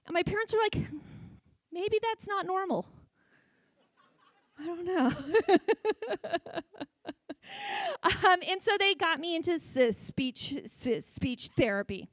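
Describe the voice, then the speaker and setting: High-voiced woman who stutters. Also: fairly bright tone, no room sound. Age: 40s. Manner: speaks with a stutter, frequent sound repetitions. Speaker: speaker at a luncheon. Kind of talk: public speech with humor. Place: event hall with audience.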